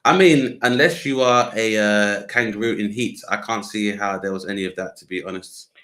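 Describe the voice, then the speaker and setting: A man's voice: on the low side, moderate pace, a bit bright. A man co-hosting a casual chat, wry and sarcastic, with many "uh"s. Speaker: co-host. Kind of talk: casual banter.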